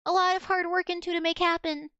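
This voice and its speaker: A woman streaming as a VTuber talks in a high voice, rambling through casual chat full of fillers and self-corrections. The sound is dry and close, with no room around it. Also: level tone, fast talker, pushed and bright, no room sound, muffled recording. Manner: rambling, filler-heavy, many restarts.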